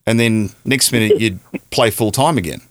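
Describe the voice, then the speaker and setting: A man with an Australian accent, co-hosting a golf podcast, talking in halting stop-start phrases. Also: lowish voice, no echo. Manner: halting, stammering restarts. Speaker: podcast co-host. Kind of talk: casual interview chat.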